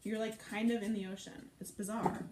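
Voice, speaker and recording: With a medium-pitched, darkish voice and a level tone, this cooking show host speaks a little fast. She chats playfully on her live stream and reads out viewer comments mid-cooking; the room echoes, with faint noise.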